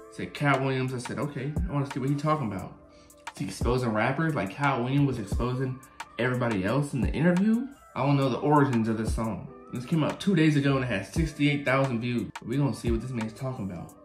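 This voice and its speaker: A hyped, chatty man hosting a reaction video and speaking straight to his viewers at a middling pitch. His voice rings in an echoey room, with faint music behind him. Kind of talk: casual reaction commentary.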